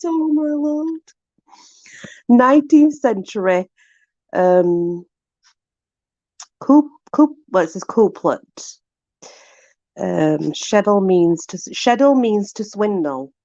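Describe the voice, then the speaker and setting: A woman's voice: medium pitch, expressive, takes it slowly, pauses often, dark tone, no echo. A woman hosting, reading sayings from a book aloud with amused, puzzled asides and the odd swear word. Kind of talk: casual reading aloud with commentary. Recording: dull, dry lo-fi recording.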